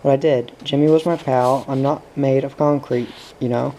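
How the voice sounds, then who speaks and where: A man voicing an evasive young man who talks in an offhand, defensive way, in a gravelly, flat reading voice. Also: medium pitch, moderate pace, slight background noise, natural voice, low-quality recording.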